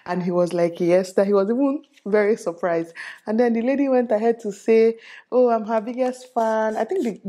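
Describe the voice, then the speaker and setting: A woman's voice: medium pitch, dark tone. A Nigerian woman in her thirties, a beauty vlogger chatting casually and laughing often as she styles a wig and tells a story. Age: 30s. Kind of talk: casual chat while styling a wig.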